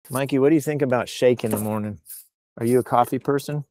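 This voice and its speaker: A male host chats loosely on a livestream, with a jokey, playful delivery. He rambles from one thought to the next in an everyday voice of ordinary pitch. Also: quick pace, darkish tone, a little hiss or hum. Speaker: news show host. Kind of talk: casual livestream chat. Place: outdoors on a bluff while on vacation.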